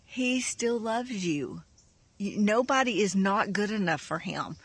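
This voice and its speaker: A woman's voice: medium pitch, animated, unhurried, husky, dry recording. Emotional woman giving testimony. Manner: emotional, rambling, says y'all often. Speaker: farm vlogger. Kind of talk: heartfelt testimony.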